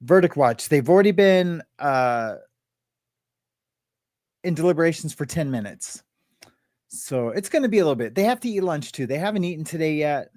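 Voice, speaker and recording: A man's voice: fairly high pitch, lively intonation, moderate pace, pauses often, darkish tone, no room sound, studio quality. Chatty, rambling man hosting a live stream. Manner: rambling, loose and joking, greets chat viewers by name. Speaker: live-stream podcast host. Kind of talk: casual live-stream chat with viewers. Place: at home.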